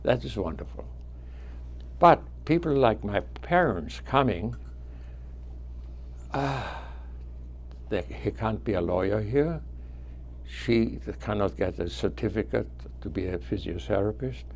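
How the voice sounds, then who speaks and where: Slow, gravelly old man with foreign accent. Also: lowish voice, expressive, darkish tone, slight background noise. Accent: foreign accent, origin not named. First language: not English. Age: 90s. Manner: halting, with restarts. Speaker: guest speaker. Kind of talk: telling life memories to students.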